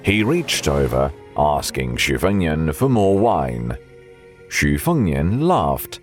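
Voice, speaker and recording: A man narrating an audiobook with measured storytelling and faint music behind. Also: extremely low pitch, big pitch swings.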